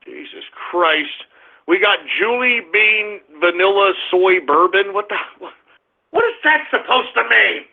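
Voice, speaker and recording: A man's voice: high-pitched, animated, unhurried, gravelly. A man hosting a radio show, ranting and cursing at his chat room in exasperated anger. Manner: angry, exasperated, cursing, shouting at listeners. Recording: tinny phone-like lo-fi internet radio.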